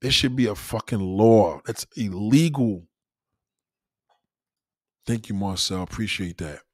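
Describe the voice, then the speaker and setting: A man's voice: on the low side, measured pace, dry recording, clean studio sound. A man delivering a profane, emphatic ranting monologue full of rhetorical questions, talking to a livestream audience.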